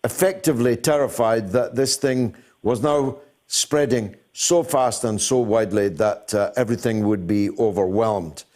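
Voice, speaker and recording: A man of middle pitch hosts a call-in radio show. He moves briskly from caller to caller and fills his pauses with "uh". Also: darkish tone. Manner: brisk, takes calls, says uh often. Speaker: talk show host. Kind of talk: phone-in talk show.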